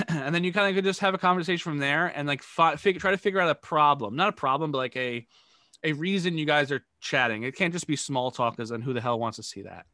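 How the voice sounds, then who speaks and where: Rambling bright-voiced man coaching improv. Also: a little high, fast talker, dry recording, studio quality. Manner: rambling, filler-heavy, coaching. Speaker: podcast host coaching improv. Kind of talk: casual podcast chat.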